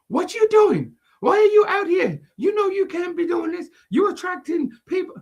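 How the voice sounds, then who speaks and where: A shrill, bossy, meddling woman, as a man puts her on while retelling a story. She scolds in a voice pitched far above his own and swoops up and down as she gets louder. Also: big pitch swings, normal speed, creaky, full character voice. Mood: scolding.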